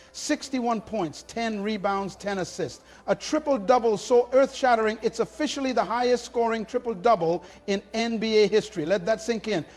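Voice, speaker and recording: A man giving dramatic, indignant scripted narration for a sports channel, with punchy lines. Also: high-pitched.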